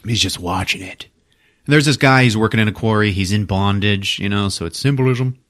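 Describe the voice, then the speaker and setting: A man casually recapping a film for a podcast, swearing often, laughing and acting out quick character bits. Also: fairly low pitch, a bit bright. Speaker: podcast host.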